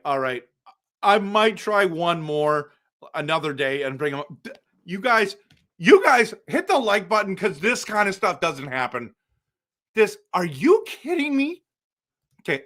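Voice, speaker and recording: A man hosting a casual live stream for viewers, excitable and exasperated, breaking into loud outbursts. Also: fairly high pitch. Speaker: livestream host.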